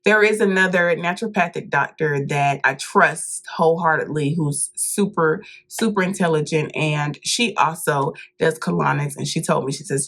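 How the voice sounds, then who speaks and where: Animated woman telling a funny story. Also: low voice, moderate pace. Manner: animated, dramatic retelling with acted-out quotes; addresses viewers directly as "y'all" and "baby". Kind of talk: casual storytime monologue.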